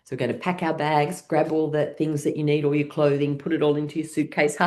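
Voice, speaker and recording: A woman's voice: low-pitched, level tone, fast talker, mellow. A woman leading a guided laughter exercise session as an instructor, playful and coaxing, often breaking into exaggerated laughter. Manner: cheerful, coaxing participants to play along.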